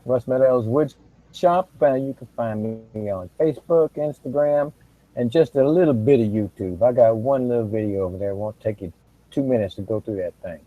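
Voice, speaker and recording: A man's voice: mid-range voice, normal speed, no room sound. A man speaking as a guest on a live video-call stream, folksy and jokey. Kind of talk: casual live-stream chat. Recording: tinny phone-like call audio.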